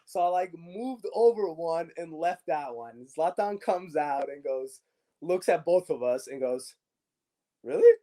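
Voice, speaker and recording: A man's voice: fairly high pitch, unhurried. A man, a former pro soccer player, telling stories casually as an interview guest and acting out the dialogue. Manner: animated storyteller acting out dialogue.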